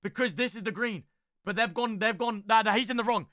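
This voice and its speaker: A young man reacting to clips in casual commentary, excitable and quick to break into shouts. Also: high voice, no room sound, clean studio sound.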